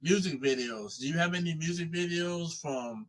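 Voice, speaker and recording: A man's voice: on the high side, normal speed, fairly bright tone. A man hosting an interview, asking questions in a laid-back, slangy way. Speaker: podcast host, interviewer.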